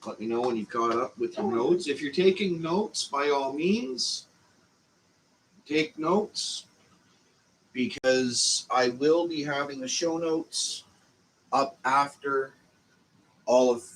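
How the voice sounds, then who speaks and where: A man with a Canadian accent hosting a casual growing class, talking slowly and meandering with lots of fillers. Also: mid-range voice, lively intonation, a little hiss or hum, poor audio. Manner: slow, meandering, with frequent fillers. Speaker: channel host teaching a growing class. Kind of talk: casual instructional talk.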